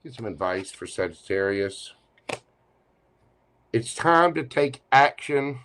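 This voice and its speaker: Male tarot reader, playful and teasing, slow and animated. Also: mid-range voice, slight background noise. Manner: teasing, playful, talks straight to the listener. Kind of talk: live tarot reading stream.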